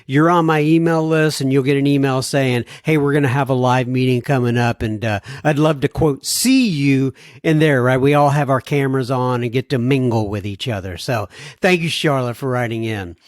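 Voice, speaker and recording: A man's voice: medium pitch, moderate pace, no room sound, clean studio sound. An American man hosting a podcast, chatting casually between listener emails and laughing at his own jokes. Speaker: podcast host.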